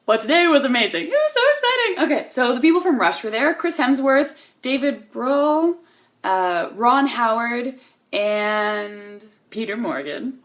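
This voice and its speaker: A woman's voice: on the high side, animated, a little slow. A young woman vlogging to camera in a bubbly, gushing, chatty way, tired and coming down with a cold. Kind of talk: casual chat to camera.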